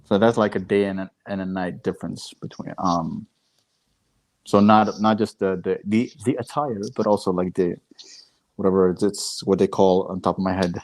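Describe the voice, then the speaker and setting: A man's voice: sits low, steady tone, moderate pace, darkish tone. A man hosting a podcast over a video call, chatting casually and often searching for his words. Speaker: podcast host. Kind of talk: casual chat.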